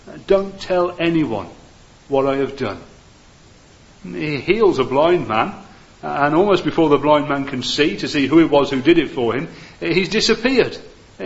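Earnest preacher, lo-fi recording. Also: male voice, fairly high pitch, creaky. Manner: frequent "uh" fillers, gentle and earnest. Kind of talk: sermon.

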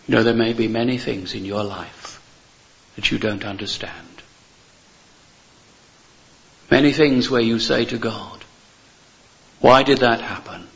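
A male preacher with a gravelly, creaky edge to his voice delivers a sermon in earnest, emphatic phrases, leaning on repetition and rhetorical questions. The recording sounds dull and lo-fi. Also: lowish voice, measured pace, long pauses.

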